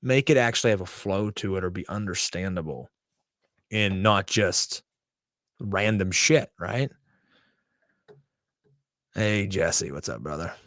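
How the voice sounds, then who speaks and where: A man's voice: low-pitched, expressive, unhurried, pauses often, fairly bright tone, no echo, studio quality. A man hosting a podcast in casual live-stream chat, talking in a blunt, rambling, profane way. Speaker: podcast host.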